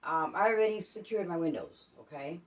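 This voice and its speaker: A woman from Puerto Rico gives casual advice on her home vlog in a lowish voice, speaking briskly with lively intonation. She repeats herself and keeps checking in with "okay?", and she sounds a bit distant from the mic.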